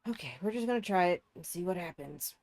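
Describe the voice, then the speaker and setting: A woman chats through a building-game stream, her low voice swinging widely in pitch. She thinks aloud and teases herself as she works. A sore throat roughens her talk. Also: animated, quick pace, a little mellow. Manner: chatty, self-mocking, thinking aloud.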